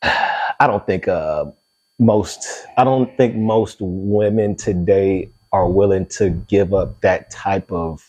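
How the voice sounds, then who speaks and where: A man's voice: sits low, takes it slowly, slightly rough. A middle-aged man hosting a casual podcast chat, telling stories freely with plenty of swearing. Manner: animated storytelling, swears freely. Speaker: podcast host.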